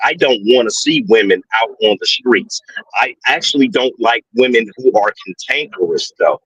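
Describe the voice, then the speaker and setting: A man's voice: medium pitch, moderate pace, husky, dry recording. A man calling into a show who tells a crude story with lots of swearing and laughter. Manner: animated, profane, laughs at his own story. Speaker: caller. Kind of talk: casual storytelling on a call-in show. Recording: dull, dry, lo-fi call audio.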